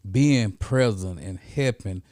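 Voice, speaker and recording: A middle-aged man, a podcast guest, telling a story in a lively, casual way and often checking in with "right?". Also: fairly low pitch, slow pace, dry recording, studio quality.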